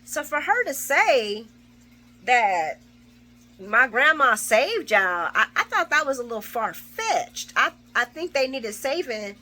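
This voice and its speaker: Bright-voiced woman recapping a soap. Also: on the high side. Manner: animated, swears freely, acts out characters' lines. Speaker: soap opera recap vlogger. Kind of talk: casual spoken recap.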